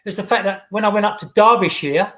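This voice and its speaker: An English man hosting a relaxed conversation, telling his stories with stops and restarts. His voice is high for a man. He sounds chatty and easygoing. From England. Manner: chatty, halting storyteller with false starts. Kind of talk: casual chat.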